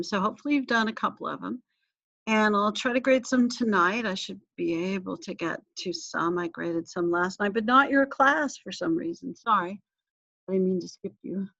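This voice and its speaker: A woman's voice: medium pitch, fairly bright tone. Woman instructor, casual lecture, talks to herself while hunting files, muffled lo-fi sound. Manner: chatty, self-interrupting, thinking aloud while clicking through files. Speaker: history instructor. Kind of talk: casual recorded class lecture.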